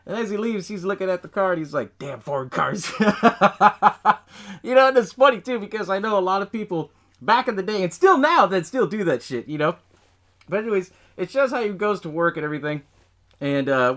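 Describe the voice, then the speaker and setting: A man's voice: on the high side, fairly bright tone. A young man hosting a podcast, casually recapping a film, swearing often, laughing and quoting characters' lines. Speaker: podcast host.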